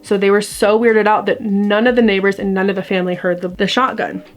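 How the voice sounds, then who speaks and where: Here the vlogger's mid-range voice barely shifts in pitch and moves fairly quickly. She's a young adult woman telling her camera a ghost story in a loose, rambling style, full of fillers and frequent "like"s, captured by the camera mic.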